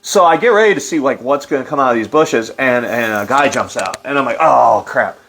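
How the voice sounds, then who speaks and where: A man's voice: mid-range voice, fast talker, a little hiss or hum. Middle-aged guy, casual storytelling, lots of likes and ums, perks up doing quotes. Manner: animated, acts out quotes in livelier voice; loose, filler-heavy delivery. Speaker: interview guest.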